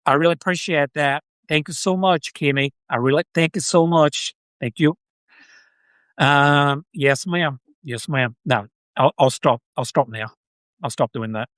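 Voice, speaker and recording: A man's voice: fairly high pitch, measured pace, a bit bright, dry recording. A man with an Australian accent, hosting a live-stream podcast with political commentary. He talks off the cuff, restarts and repeats phrases, and thanks viewers by name. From Brisbane, Australia. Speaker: podcast host.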